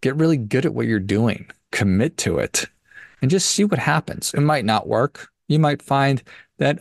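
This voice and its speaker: A man's voice: medium pitch, animated, moderate pace, gravelly, dry recording, studio quality. A man hosting a personal finance podcast who gives a casual motivational talk in an emphatic, preachy way and repeats his points.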